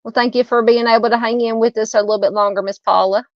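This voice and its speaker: A woman's voice: a little high, fairly even intonation, fast, no echo, lo-fi sound. A woman in her fifties with a Southern US accent, hosting a true crime live stream and chatting casually with her viewers, with many fillers and restarts. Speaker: true crime channel host. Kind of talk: casual live stream chat reading comments.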